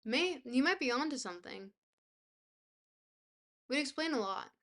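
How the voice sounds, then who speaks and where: A woman streaming a book reading to her chat. She reads haltingly, trips over long words and breaks off into chatty asides to her viewers. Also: high voice, expressive, a bit bright. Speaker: livestreamer reading a book aloud.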